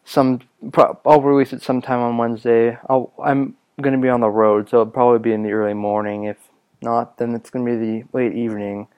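Young male podcast host, raspy from coughing, smooth underneath, rambling and casual. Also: mid-range voice, little pitch movement, fairly quick, darkish tone. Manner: rambling, many ums and restarts. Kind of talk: casual solo podcast talk.

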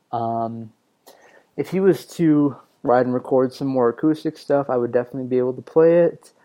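A man's voice: mid-range voice, warm tone. A man hosting his own music show, chatting casually and rambling with lots of ums and self-corrections. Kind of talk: casual radio-show chat.

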